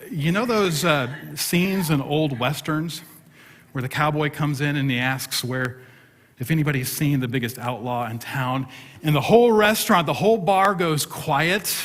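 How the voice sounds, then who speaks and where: A man's voice: a little high, a bit bright. A middle-aged man, a pastor, preaching a sermon and telling a self-deprecating story with humor. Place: church sanctuary. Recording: long hall reverb.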